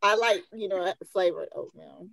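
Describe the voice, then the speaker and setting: A woman's voice: lowish voice, moderate pace, vocal fry, a loud crowd, poor audio. A woman co-hosting a podcast in casual chat, who laughs often and defends her own preferences. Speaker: podcast co-host.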